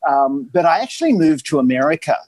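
Joking Australian pastor, dry sound. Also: male voice, a little high, quick pace, no echo. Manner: lively and joking, stacks repeated words when excited. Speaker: pastor, podcast guest. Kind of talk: casual interview storytelling.

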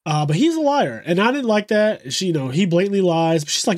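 A man's voice: sits high, very animated, a little fast, hardly any pauses, dry recording, clean studio sound. A man co-hosting a podcast, recapping a show in a loose, profane way and acting out the characters' lines. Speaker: podcast co-host.

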